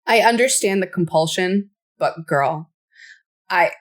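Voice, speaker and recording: Give me an animated woman podcast co-host. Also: on the low side, measured pace. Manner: animated, acts out quotes with laughter. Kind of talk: casual chat.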